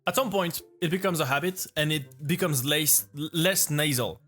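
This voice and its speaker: French-accented man reacting casually, a bit high-pitched, stops and restarts to explain. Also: a bit bright, soft background music. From France. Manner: halting, restarts often, explains patiently. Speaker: vtuber reacting to a video.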